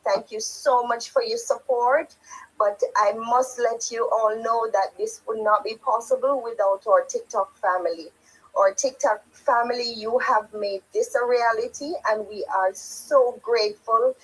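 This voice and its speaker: A woman moderating a live stream, soft-spoken and grateful in casual chat. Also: a little high, fairly even intonation, unhurried, slightly rough, rough recording.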